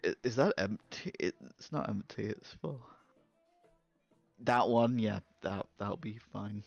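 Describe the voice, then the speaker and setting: A man's voice: lowish voice, unhurried, gravelly, dry recording, highs cut off, faint music behind. A man playing in a tabletop role-playing game, playful and laughing. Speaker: player.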